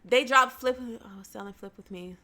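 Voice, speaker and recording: Young woman, bright tone, slightly high voice, chatty livestream talk. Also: moderate pace. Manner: chatty, laughs often, talks to viewers by name. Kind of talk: casual livestream chat.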